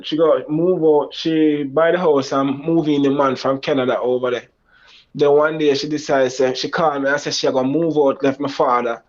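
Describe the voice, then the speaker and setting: A man's medium-pitched, darkish voice carries a Jamaican accent as he rambles through a long personal story. He uses Jamaican Creole phrasing and acts out quoted lines in a raised voice, and the recording is dull lo-fi.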